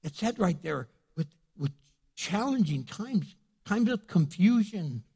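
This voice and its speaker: A man's voice: high-pitched, slow, vocal fry, breathy edge. Preaching man in a reverberant church. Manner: animated, with joking asides and rising fervor. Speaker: pastor. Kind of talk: sermon.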